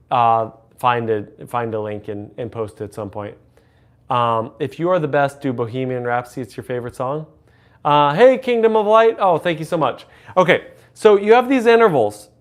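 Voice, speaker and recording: A man hosting a casual livestream, teaching relative pitch by humming and singing intervals and chatting with viewers. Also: smooth. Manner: hums and sings intervals to demonstrate; chats with viewers. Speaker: livestream host and music teacher.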